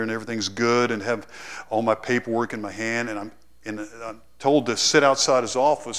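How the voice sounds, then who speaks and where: A middle-aged man preaching a sermon, swinging from loud emphatic lines to hushed ones and telling a personal story. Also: mid-range voice.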